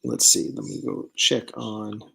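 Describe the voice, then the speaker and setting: A man's voice: on the low side, level tone, measured pace, creaky, pushed and bright. A man hosting a live stream, chatting casually with viewers in a rambling way, with many fillers, and reading out their comments. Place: studio set of a starship bridge.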